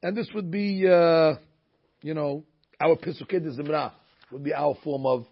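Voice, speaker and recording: Creaky husky man teaching. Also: fairly high pitch, fairly even intonation, normal speed. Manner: storytelling, sprinkled with Hebrew terms. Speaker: Torah teacher. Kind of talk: recorded Torah lesson. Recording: muffled lo-fi recording.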